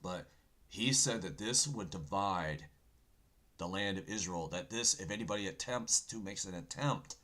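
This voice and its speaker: A low-voiced man with a sharp tone and moderate pace hosts an informal livestream at his computer. Rambling and homespun, he keeps calling his audience folks, says "okay" a lot, and presses his biblical arguments insistently over the sound of keystrokes.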